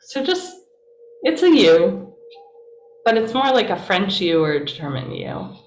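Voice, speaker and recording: Woman pastor leading a class, unhurried and chatty, encouraging tone, roomy church hall sound. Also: medium pitch, very animated, slight background noise. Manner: chatty and encouraging, with many fillers. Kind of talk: casual classroom teaching. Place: church meeting room. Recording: roomy echo.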